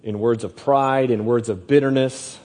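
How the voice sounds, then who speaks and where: A man preaching a sermon, slow and emphatic, often repeating his words. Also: medium pitch, steady tone, darkish tone, in a large hall.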